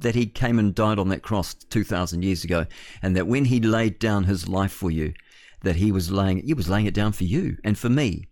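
A man's voice: low-pitched, a little fast, a little mellow, no echo, clean studio sound. A man with a New Zealand accent hosting radio talk, preaching in a rambling, earnest way with many restarts. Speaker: radio host.

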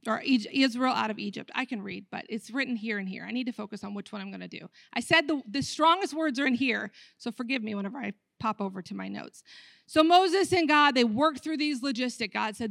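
An American woman pastor preaching a sermon, talking conversationally to the room and acting out dialogue with lively shifts in her voice. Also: on the high side, fairly quick, vocal fry, no echo, clean studio sound. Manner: animated, acts out dialogue with her voice; conversational, asks the room questions.

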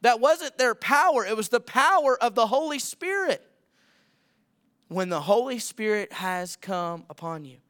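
A man's voice: very high voice, big pitch swings, a little slow, a bit bright. A young adult man preaching a sermon as a guest speaker, earnest and building to emphatic repeated calls.

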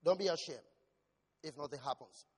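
A male pastor preaching a sermon, shouting at times and asking the congregation questions. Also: on the high side, normal speed, breathy edge, long reverb tail.

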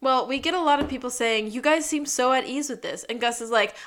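A woman with a bright, slightly high voice co-hosts a laid-back TV recap podcast. She retells each scene and jumps into the characters' lines with quick, animated bursts. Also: slight background noise. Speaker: podcast co-host. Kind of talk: casual recap chat.

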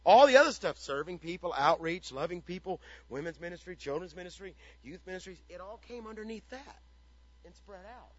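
A man's voice: sits high, animated, fairly quick, no echo, lo-fi sound. A man pastor giving a motivational ministry talk, emphatic and fond of repeated rhetorical questions.

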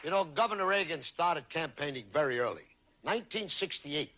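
A man's voice: fairly high pitch, lively intonation, fairly quick. A man doing a punchy stand-up comedy monologue, played from an archival TV broadcast. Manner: punchy joke delivery with rising punchlines. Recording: noisy archival TV broadcast with audience. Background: crowd laughter.

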